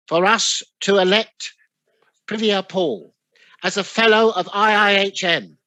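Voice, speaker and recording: A high, bright man's voice with a London accent, speaking over a video call. He addresses the ceremony in a formal, courteous way, with small apologies as he reads out names. The sound is dry and close. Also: no echo, poor audio. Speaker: ceremony chairman.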